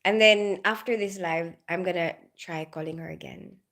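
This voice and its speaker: In a lowish, fairly bright voice at a moderate pace, a middle-aged nurse chats casually with her livestream audience. She's just woken up following night shifts and keeps giggling as she greets people by name.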